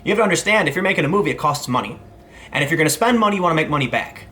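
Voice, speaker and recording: Fast, bright-voiced man ranting. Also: on the high side, expressive, a little hiss or hum. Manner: rambling, many restarts and asides. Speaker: commentary host. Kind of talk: casual commentary vlog.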